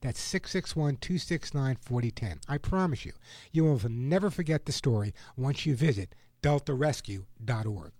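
A man hosting a radio pet show, reading ads in an earnest, urging way and slowly repeating phone numbers. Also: medium pitch, animated, darkish tone, no echo. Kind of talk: host-read radio ad.

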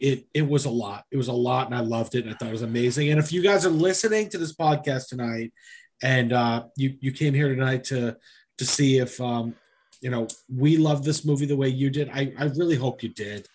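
A man's voice: mid-range voice, fairly quick, a little mellow, husky. A man hosting a podcast, chatting casually with joking, profane banter. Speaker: podcast host. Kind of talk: casual chat.

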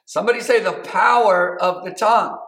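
Pastor, male, fairly high voice, conversational sermon, echoey hall sound. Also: brisk, a bit bright. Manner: conversational preaching with many fillers and restarts. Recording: echoey room.

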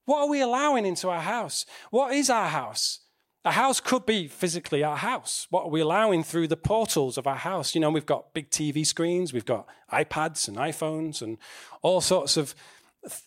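A man's voice: a little high, animated, normal speed. A man preaching a sermon in a conversational way, asking the congregation questions.

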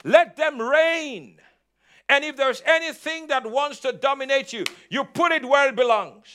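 High-voiced preaching man, emphatic. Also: normal speed, pushed and bright, slight background noise. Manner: emphatic, repetitive preaching with call-and-response. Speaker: pastor. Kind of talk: sermon. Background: congregation answering amen.

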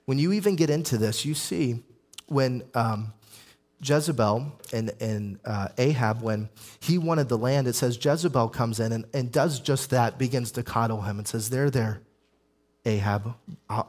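A young adult man delivers a sermon as a pastor, in a middle-pitched voice. He preaches emphatically, stacking up lists and repeating phrases for weight. His pace pushes ahead and then slows to land a point. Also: a little mellow.

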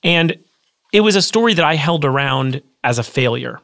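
A man in his thirties, an author guest telling his story in a casual interview, earnest and quick with frequent restarts. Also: fairly high pitch, expressive, gravelly, fairly bright tone, no room sound, clean studio sound.

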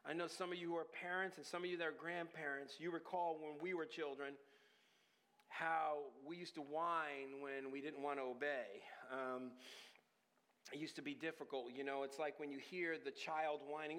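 A man's voice: fairly high pitch, fairly even intonation, moderate pace, fairly bright tone, smooth, in a large hall. A man preaching a sermon as pastor, who acts out whiny children and parents in little scenes.

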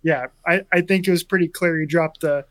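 A man co-hosting a sports talk show, telling a story in a chatty, animated way. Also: a little high, fairly quick. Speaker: sports radio co-host.

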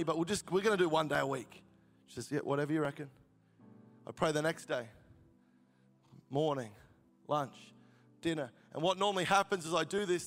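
A man's voice: high-pitched, a bit bright, big-room sound. A man from Australia, preaching a sermon as he tells a personal story in a fervent, storytelling way. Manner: storytelling, grows fervent and emotional. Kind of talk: sermon testimony.

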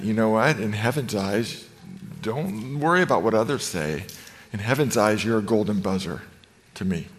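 Man preaching in an echoing hall. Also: lowish voice. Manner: earnest, conversational preaching with fillers. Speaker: pastor. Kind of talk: sermon. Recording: long hall reverb.

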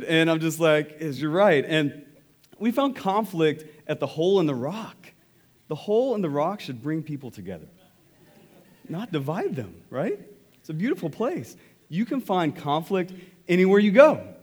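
A man preaching a sermon, telling a personal story in a conversational, animated way before turning to scripture. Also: on the high side. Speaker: pastor.

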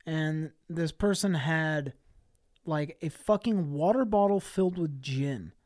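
A man with a fairly high voice co-hosts a podcast in a laid-back, crude manner. The recording is dry and close. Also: slow pace, darkish tone, dry recording. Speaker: podcast co-host. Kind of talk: casual comedic chat.

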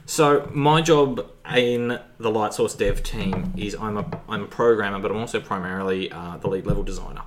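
Low-voiced man explaining game design. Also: noisy background. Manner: measured, explaining his work. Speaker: guest game programmer. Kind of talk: casual podcast interview.

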